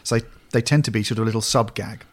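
A man's voice: fairly low pitch, fairly even intonation, very fast. A man hosting a podcast, reflecting aloud in a thoughtful, analytical way. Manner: thoughtful, analytical, builds ideas aloud with small restarts. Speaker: podcast host. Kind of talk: conversational podcast discussion.

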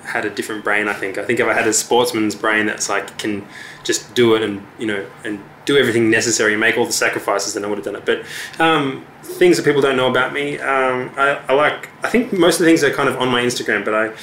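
A man's voice: mid-range voice, fast, a bit bright, a little hiss or hum. A young man, a musician chatting casually as an interview guest, talking with many fillers and restarts. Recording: echoey room with faint ambience.

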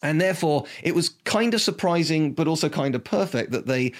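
A man's voice: fairly high pitch, lively intonation, brisk. A man talking casually and enthusiastically about films, rambling with frequent restarts. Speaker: film reviewer. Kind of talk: casual film talk.

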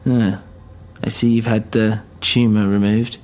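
A man voicing an old male scientist who speaks through a speaker, croaky and slow, with a cryptic, aloof manner. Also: on the low side, little pitch movement, darkish tone, lightly acted.

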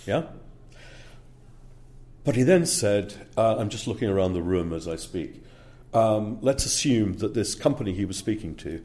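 In a casual interview, a man talks about his job as a speaker agent in a low, mellow voice. He's expressive and speaks at a normal speed, pausing often, hesitating with fillers and frequently checking in with the listener with "yeah?".

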